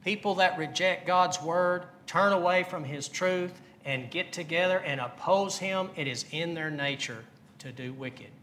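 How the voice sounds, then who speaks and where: A man's voice: on the high side, a little slow, fairly bright tone, slight background noise. A man preaching a sermon, earnest and repetitive, asking the congregation questions. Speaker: pastor.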